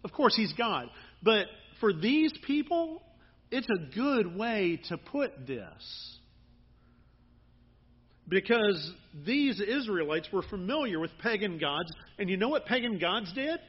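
Husky, high-voiced man preaching. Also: sing-song, takes it slowly, muffled recording. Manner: earnest, conversational preaching with rising emphasis. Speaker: pastor. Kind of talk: sermon.

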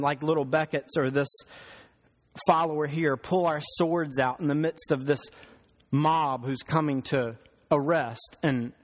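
A male pastor preaching a sermon, telling stories and slowing down for emphasis. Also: a little high. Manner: storytelling, slows for emphasis. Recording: long hall reverb.

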